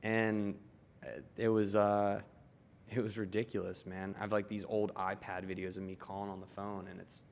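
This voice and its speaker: Young guy from maryland, lowish voice, animated and sweary in casual chat. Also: normal speed, creaky, slight background noise. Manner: swearing, laughing, animated storyteller. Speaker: guest, tailor.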